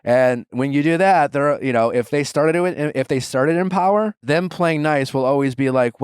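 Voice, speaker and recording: A blunt man in his thirties gives advice on a podcast, emphatic and unfiltered, with a middle-pitched voice. He is recorded close and dry, with no room sound. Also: normal speed, few pauses, darkish tone, clean tone, dry recording. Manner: blunt, emphatic, swears freely. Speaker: podcast host giving advice. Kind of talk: casual advice chat.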